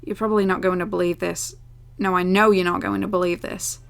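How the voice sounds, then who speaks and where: A woman voicing a guilt-ridden young man in a game, who speaks quietly and evasively with a resigned edge. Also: lowish voice, little pitch movement, a little fast, vocal fry.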